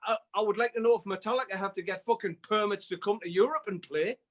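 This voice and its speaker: This is a middle-aged man with a rather high voice for a man. He tells stories in a lively, chatty way and swears freely as an interview guest. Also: fast talker. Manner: animated, profane, swears freely. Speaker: band member guest. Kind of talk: casual storytelling.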